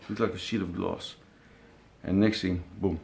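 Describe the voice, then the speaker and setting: A middle-aged man casually telling a story, animated, with sound effects and acted quotes. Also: sits low, normal speed, creaky. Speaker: storyteller recounting a fishing trip.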